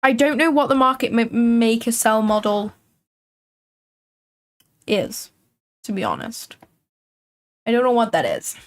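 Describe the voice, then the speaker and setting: A woman's voice: fairly high pitch, big pitch swings, measured pace, long pauses. A woman hosting a live trading stream, chatting casually and thinking aloud with frequent filler words. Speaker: livestream trading host.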